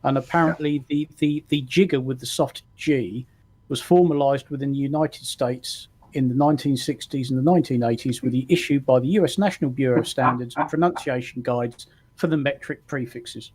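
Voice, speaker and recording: A man's voice: mid-range voice, a little fast, darkish tone, slightly rough. A man in a casual group chat, speaking with wry, dry humor. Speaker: call-in guest.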